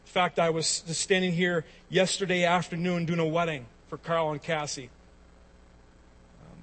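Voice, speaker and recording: Preaching to his congregation, a pastor in his forties tells stories marked by frequent restarts that build toward emphatic high points. His tone is fairly bright, and his voice is pitched a little high for a man.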